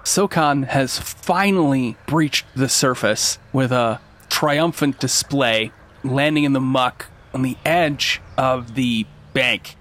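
Male game master, unhurried vivid narration, mid pitch. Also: a bit bright.

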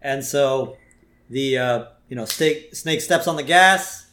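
A man talks casually on a podcast, retelling scenes and quoting characters between bursts of laughter. His voice sits at a middle pitch, and the room around him rings with a noticeable echo. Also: pushed and bright. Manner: laughs often, quotes lines in a quick voice. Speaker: podcast co-host. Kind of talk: casual chat recapping a cartoon episode. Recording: roomy echo.

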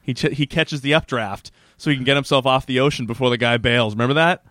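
A man's voice: medium pitch, fairly bright tone, dry recording, studio quality. Laughing podcast co-host, casual man. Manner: laughs often, acts out characters' lines in quick put-on voices. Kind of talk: casual chat recapping a TV episode.

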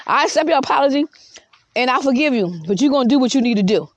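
A woman's voice: fairly high pitch, animated, quick pace, no room sound. Profane, defiant woman in her fifties. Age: 50s. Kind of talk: ranting voice message.

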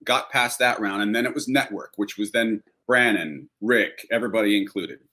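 A man's voice: on the low side, normal speed, pushed and bright. Man telling a wry audition story. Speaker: actor guest on a panel. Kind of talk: casual anecdote.

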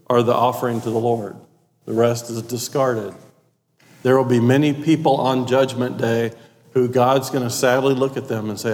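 A man delivering a sermon in an emphatic, repetitive style, breaking off to ask the listeners direct questions. His voice sits at an ordinary middle pitch. It carries a long reverb from a large hall. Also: fairly even intonation, normal speed, a little mellow. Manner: emphatic, repetitive, conversational asides. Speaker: preacher.

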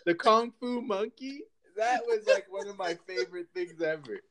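A man's voice: high-pitched, normal speed, crowd noise. A man co-hosting a podcast in casual chat, laid-back and agreeable, swearing now and then. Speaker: podcast co-host.

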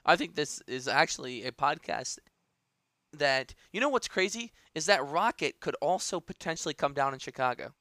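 Bright-voiced casual podcast man. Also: fairly high pitch, animated, normal speed, no room sound, studio quality. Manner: enthusiastic, presents news stories with filler words. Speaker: podcast co-host.

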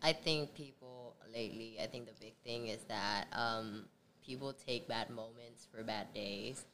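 A woman's voice: very deep voice, measured pace, a bit bright, slight background noise. A woman guest on a casual podcast, talking candidly in slangy speech and swearing freely. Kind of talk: casual chat.

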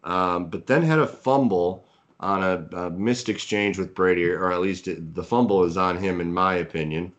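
A man's voice: low voice, normal speed, dull audio. A man co-hosting a fantasy football podcast, giving casual analysis with many fillers and hedges. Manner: hedging, filler-heavy, analytical. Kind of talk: casual sports analysis chat.

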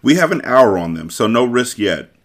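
A man's voice: medium pitch, very animated, normal speed. A man voicing a conceited, scheming Sicilian kidnapper in a storybook reading, talking in a smug, bossy way.

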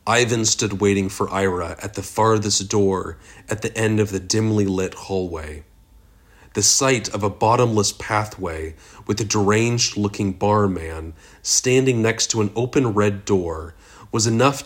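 Male audiobook narrator, low husky voice, slow steady read. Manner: steady, measured reading. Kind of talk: scripted narration.

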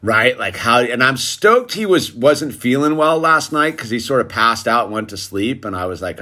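A man's voice: medium pitch, lively intonation, moderate pace, few pauses, pushed and bright. A man casually telling a story about his son to camera, rambling and peppering it with "dude" and "like". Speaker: father telling a family story.

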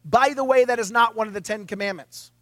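A man with a notably high, light voice preaches in a loose, conversational way. He is animated and chatty, slipping in wry asides. The sound is close and dry, with no room around it. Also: a little fast, no room sound. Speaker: pastor. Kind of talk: conversational sermon podcast.

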